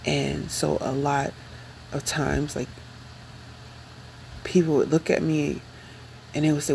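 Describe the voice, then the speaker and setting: A young adult woman speaking slowly and reflectively in an emotional, confessional personal vlog. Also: low-pitched, little pitch movement, vocal fry, darkish tone, a little hiss or hum, poor audio. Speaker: vlogger.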